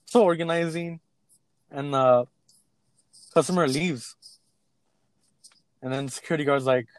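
Young man telling a lively story. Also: medium pitch, a little fast, long pauses, dry recording. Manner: animated storytelling, acts out quotes, swears freely. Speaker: storyteller in casual chat. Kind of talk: casual chat.

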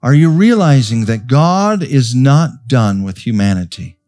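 A man preaching a sermon as pastor of a church, slow and emphatic, rising to strong peaks as he calls out to his congregation. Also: mid-range voice, expressive. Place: church sanctuary. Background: soft piano.

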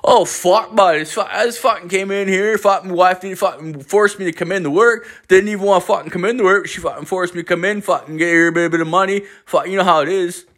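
A man puts on a loud, foul-mouthed middle-aged coworker from Newfoundland, his voice pushed far up into a strained high register. He speaks with a thick twang and blusters, swearing in every breath as he rants. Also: quick pace, few pauses. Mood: ranting. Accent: put-on Newfoundland twang.

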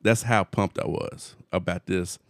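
A man in his forties telling a story in casual chat, animated, laughing often, with slangy phrasing. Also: deep voice, measured pace, no room sound, clean studio sound. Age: 40s.

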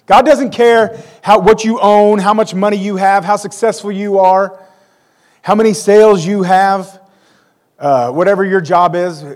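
A man's voice: sits high, steady tone, a little slow, darkish tone. A man in his forties preaching a conversational sermon with self-deprecating humor. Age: 40s. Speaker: pastor.

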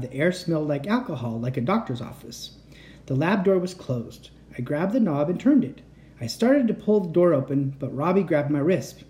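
A man reading a children's bedtime story aloud in a gentle, expressive storytelling manner. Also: on the high side.

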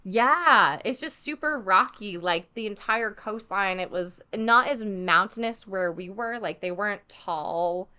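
A young woman telling a travel story in casual chat, full of "like" fillers and animated retelling. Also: medium pitch, measured pace, hardly any pauses, smooth.

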